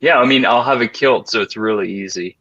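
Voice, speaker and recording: A man co-hosting a podcast in casual chat, deadpan and hesitant, pausing often on fillers. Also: mid-range voice, slightly rough. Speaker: podcast co-host. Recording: dull lo-fi sound.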